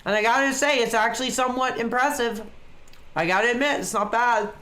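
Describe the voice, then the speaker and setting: A man's voice: very high voice, fairly quick, pushed and bright. A man chatting casually on a webcam stream, reacting to a wrestling match as he watches along. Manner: laid-back, chatty, reacting to the action.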